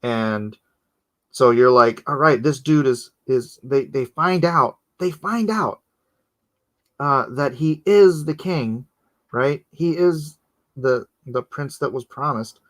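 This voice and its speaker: A man's voice: mid-range voice, slow pace. Chatty man rambling on a live stream. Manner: rambling, animated storyteller who laughs at his own story. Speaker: comic artist hosting a live stream. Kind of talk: casual live-stream chat while inking.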